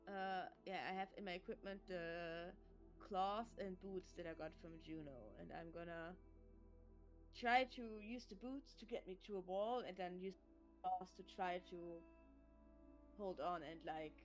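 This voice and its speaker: Lively woman player at a tabletop game. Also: on the low side, soft background music. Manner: animated and quick to laugh. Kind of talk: casual play at a tabletop game.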